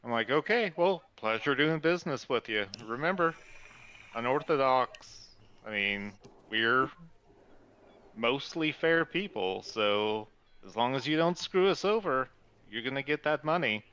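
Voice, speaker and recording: A man's voice: medium pitch, expressive, a little slow, pushed and bright, lo-fi sound, a little hiss or hum. A man speaking in character as a player in a tabletop game, bargaining in a casual, rambling way. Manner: bargaining, casual, filler-heavy. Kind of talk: in-character tabletop role-play.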